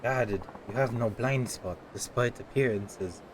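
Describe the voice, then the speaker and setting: Homem imitando velho mestre marcial solene. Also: male voice, mid-range voice, measured pace, slight background noise, close to an everyday voice. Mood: solemn. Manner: solemn, preachy, odd put-on accent. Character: old stern male martial arts master.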